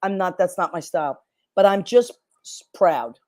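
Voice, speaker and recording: A woman's voice: lowish voice, moderate pace, darkish tone, dry recording, studio quality. A woman hosting a talk show, chatting in an effusive, rambling way. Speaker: show host. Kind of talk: casual chat.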